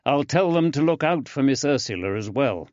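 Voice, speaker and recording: Man voicing a firm detective, clipped, lively pitch, audiobook, dull dry sound. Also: moderate pace, no room sound, lightly acted. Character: firm, brisk male detective. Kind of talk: audiobook character voice.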